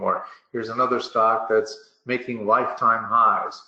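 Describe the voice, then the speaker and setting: A man presenting a software product demo in a webinar, upbeat and casual with a salesy confidence. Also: fairly low pitch, steady tone, measured pace. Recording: dull, roomy online webinar audio.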